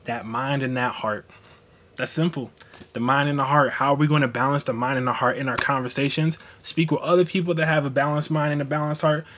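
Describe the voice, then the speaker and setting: A man's voice: mid-range voice, fairly quick, a little hiss or hum. A young man, hosting a casual astrology livestream in a blunt, profane, slangy way. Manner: blunt, slangy, profane, animated with mocking quoted voices.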